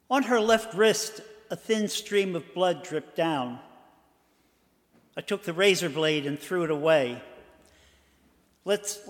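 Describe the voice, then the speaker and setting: An older man from Boston tells a personal story in a fairly high voice. He speaks slowly and in a measured way, with dramatic pauses. His voice rings in a long hall reverb.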